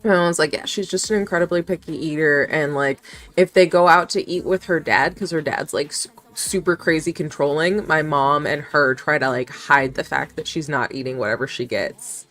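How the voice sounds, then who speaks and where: A woman's voice: low-pitched, normal speed, fairly bright tone, soft background music. A young woman streamer chatting casually with her chat, rambling, giggling often and swearing offhand.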